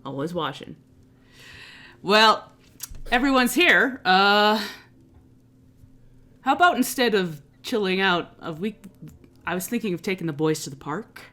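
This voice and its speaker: Woman voicing older male tiefling father, calm, wry, slow tabletop game voice. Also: mid-range voice.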